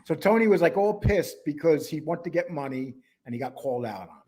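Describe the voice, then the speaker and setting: A New York man whose accent blends New York with Wisconsin hosts a casual podcast, talking in a rambling way and jumping between topics. His voice is fairly high, expressive, brisk, and a little mellow.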